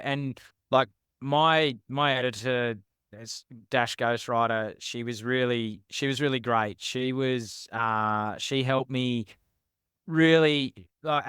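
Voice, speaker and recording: A man's voice: medium pitch, fairly even intonation, measured pace, a bit bright, clear, resonant tone, no room sound, clean studio sound. A man, a podcast guest telling personal stories in a frank, rambling, self-deprecating way. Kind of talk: candid personal storytelling.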